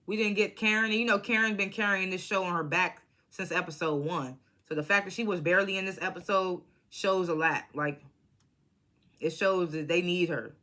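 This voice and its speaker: Woman, casual recap vlogger, bright, blunt and profane, animated storyteller. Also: lowish voice, normal speed.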